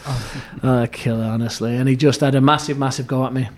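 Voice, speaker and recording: A middle-aged man recounting stories as a podcast guest, his voice sitting at an ordinary pitch. He talks in bursts, restarting phrases as the memories come. He acts out what others said and lowers his voice to a near murmur when the story turns tense. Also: quick pace. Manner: lively storyteller, acts out quoted lines, frequent restarts. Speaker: podcast guest, former football club therapist. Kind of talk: anecdotal storytelling in an interview.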